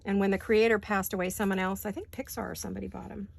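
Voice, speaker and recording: A woman's voice: mid-range voice, steady tone, fast, vocal fry, slight background noise. A middle-aged woman hosting a crafting video, chatting casually and laughing easily as she reminisces and works in her home studio.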